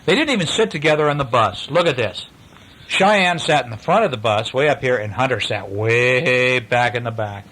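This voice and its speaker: A father reading a picture book aloud to his young children, playful and animated, stopping to ask them questions. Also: medium pitch, normal speed, a little hiss or hum, low-quality recording.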